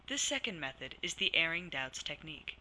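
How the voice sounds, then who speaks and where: A woman counselor reading a scripted instructional course, in a measured manner and walking through case examples. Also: low-pitched, sing-song, pushed and bright, slight background noise, rough recording.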